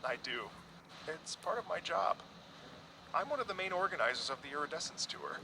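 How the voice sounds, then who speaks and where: A man's voice: a little high, lively intonation, fairly quick. A man voicing a polite, formal traveling musician in a video game. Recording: game audio with clear background noise.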